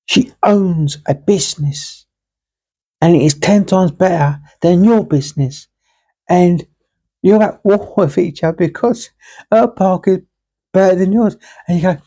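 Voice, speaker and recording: Slow, mellow woman chatting. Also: fairly low pitch, breathy edge. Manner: chatty, playful storyteller acting out both sides. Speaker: vlogger. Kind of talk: casual rambling monologue.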